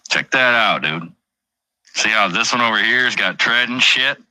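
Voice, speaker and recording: Low, sharp-edged profane man rambling. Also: moderate pace, no room sound, low-quality recording. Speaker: truck driver streamer. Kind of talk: casual livestream chat.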